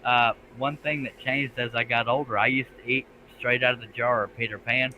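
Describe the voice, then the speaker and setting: A man's voice: medium pitch, fairly even intonation, moderate pace, sharp tone, a little hiss or hum, poor audio. A man hosting a casual late-night live stream, folksy in his talk. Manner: folksy, says "by God" and "Amen".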